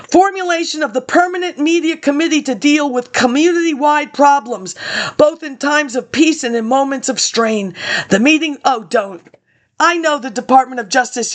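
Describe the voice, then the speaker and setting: A woman giving a rambling spoken commentary, drifting into digressive asides and talking back to people who aren't there. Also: high voice. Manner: digressive, talks to absent people, frequent laughs and asides; reads from old documents between tangents. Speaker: webinar presenter.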